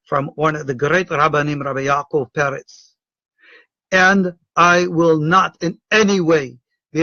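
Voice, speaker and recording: A middle-aged American rabbi speaks in an emotional, indignant address, often stumbling and repeating words. His voice is bright and tense, pitched somewhat high. The recording is dry and a little dull. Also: no room sound. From United States. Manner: emotional, indignant, halting repetitions. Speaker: rabbi and Torah teacher. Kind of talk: impassioned video address.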